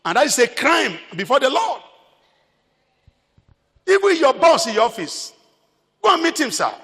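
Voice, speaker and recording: A man's voice: extremely high pitch, sing-song, moderate pace, a bit bright, in a large hall. A Nigerian man preaching a sermon as pastor, emphatic, repeating his phrases.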